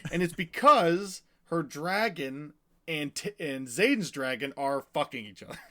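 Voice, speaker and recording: A man co-hosting a podcast, recapping a novel in a rambling, animated way, with many fillers and acted-out quotes. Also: on the high side, measured pace, a little hiss or hum. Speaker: podcast co-host recapping a book. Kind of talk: casual chat.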